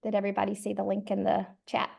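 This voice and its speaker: A woman's voice: medium pitch, completely flat delivery, quick pace, creaky, a little mellow. Middle-aged Southern woman from Georgia. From Georgia, USA. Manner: friendly, many ums and uhs, says y'all. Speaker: charter school consultant leading a workshop. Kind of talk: virtual workshop presentation.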